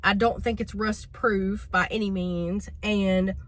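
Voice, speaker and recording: A woman's voice: mid-range voice, steady tone, slow. A woman telling a story to her viewers in a chatty, exasperated way. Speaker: vlogger. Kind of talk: casual storytelling to camera.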